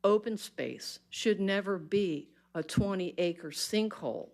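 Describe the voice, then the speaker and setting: A woman's voice: fairly low pitch, expressive, slow, hardly any pauses, a little mellow. A woman giving an impassioned, exasperated public comment at a county board meeting, speaking bluntly into a podium microphone.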